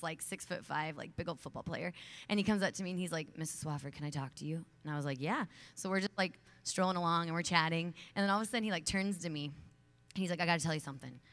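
A woman in her thirties speaks from a large conference stage to a room of young women. Her voice sits slightly low. She is earnest and emphatic, and when she tells stories she turns casual and chatty, full of "like" and quick asides. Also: a bit bright. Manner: chatty storytelling with many fillers. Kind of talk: motivational talk to young women.

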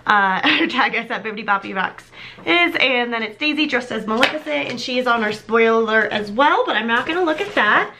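Young woman, high voice, excitable unboxing chatter, faint background hiss. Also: brisk. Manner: bubbly and excitable, many ums. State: slightly out of breath. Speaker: vlogger. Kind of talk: unboxing vlog, casual chat.

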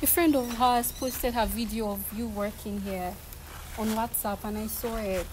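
A woman's voice: on the high side, steady tone, normal speed, background noise. A woman in her twenties pleading emotionally with her boyfriend outdoors. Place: outdoors at a block-making yard.

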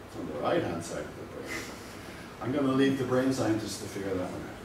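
A male lecturer giving a university lecture, measured and explanatory, stressing his key points. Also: on the low side, lively intonation. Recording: very echoey room from a distant mic with faint noise.

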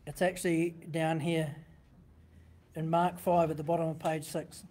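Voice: mid-range voice, level tone, measured pace, dark tone. A pastor giving a sermon, teaching conversationally from a printed text and often asking the listeners rhetorical questions.

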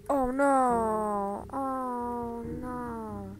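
A woman's voice: mid-range voice, slow pace, long pauses, a bit bright, faint music behind, rough recording. A woman commenting as she plays a game, jokey and nervous, often repeating herself. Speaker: gamer. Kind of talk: let's play commentary.

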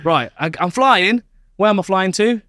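A man's voice: moderate pace, dry recording, clean studio sound. A young man, co-host of a podcast, spins a playful, comic made-up story in casual chat. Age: young adult. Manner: playful storytelling, lively swings in pitch.

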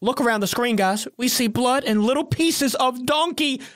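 A host commenting on a cartoon in an animated, incredulous way, often stopping to replay a scene. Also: medium pitch, moderate pace. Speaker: reaction video host. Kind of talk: comedic cartoon reaction commentary. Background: music from the cartoon being watched.

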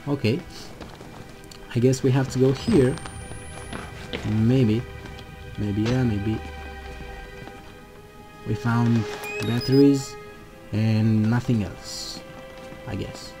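A man narrating his own horror game playthrough in an unhurried, drawn-out way. He gets excitable and jumpy, cursing whenever something startles him. Clear game music plays behind his voice. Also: medium pitch. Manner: excitable, jumpy, swears at scares. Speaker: gaming channel host. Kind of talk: let's play commentary.

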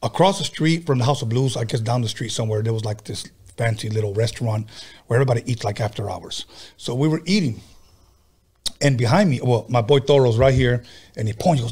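A man's voice: medium pitch, fast, a little mellow, breathy edge. A man hosting a podcast, telling casual, profane stories in a laid-back way. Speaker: podcast host. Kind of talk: casual storytelling chat.

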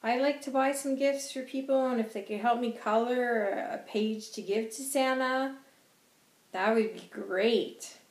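A woman's voice: fairly high pitch, measured pace, reverberant, pitched above the performer's own voice. A woman voicing a small, hopeful little girl who pleads earnestly in a sing-song way. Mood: pleading.

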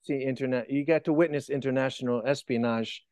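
A man's voice: medium pitch, fairly even intonation, fairly quick, a little mellow, smooth, dry recording. A man hosting an interview, chatting casually and encouraging his guest with enthusiasm. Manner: enthusiastic, encouraging, laughs often. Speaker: interview host.

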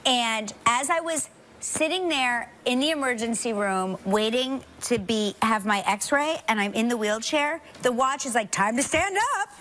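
A woman talk show host chatting casually and telling stories in an animated way before a live studio audience. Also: on the high side, unhurried. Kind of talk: casual chat.

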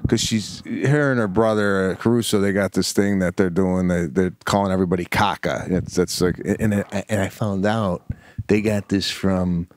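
A man co-hosting a podcast, telling an animated story about his family in casual chat. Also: sits low, normal speed, no room sound. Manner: animated storyteller who acts out family scenes. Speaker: podcast co-host.

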